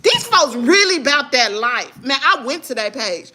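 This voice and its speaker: A high-voiced woman runs a gossip livestream. She talks straight to her viewers with sass, and her voice leaps all over the place. The tone is bright and sharp. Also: big pitch swings, normal speed. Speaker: livestream host. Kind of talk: casual gossip commentary livestream.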